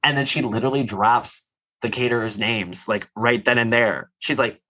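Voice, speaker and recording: A man's voice: mid-range voice, fairly even intonation, normal speed, pushed and bright, poor audio. A man co-hosting a podcast, chatting casually and acting out scenes with lots of "like". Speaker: podcast co-host. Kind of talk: casual recap chat.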